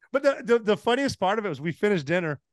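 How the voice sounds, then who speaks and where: A man in his forties from the United States, a podcast guest telling animated stories in casual chat, with restarts and laughs. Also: sits high, no echo, studio quality. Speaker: podcast guest, former Navy SEAL.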